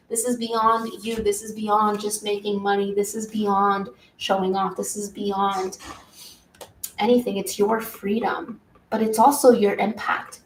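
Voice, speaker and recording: A woman's voice: fairly high pitch, echoey room, distant mic, slight background noise, rough recording. A woman giving a live tarot reading from home, in a flowing spiritual way of talking. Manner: flowing spiritual talk, stops to scold her pets. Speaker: tarot reader. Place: home room.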